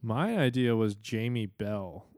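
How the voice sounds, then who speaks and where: A man co-hosting a casual book podcast, relaxed and a little hesitant. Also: lowish voice, slow pace, no echo. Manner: relaxed, hesitant, with frequent fillers. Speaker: podcast co-host.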